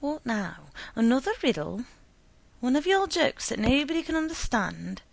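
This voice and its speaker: A woman's voice: sits high, sing-song, moderate pace, creaky, no room sound, voice pushed up, exaggerated voice. A woman reading the part of a puzzled wife who questions her husband and soothes him. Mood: exasperated.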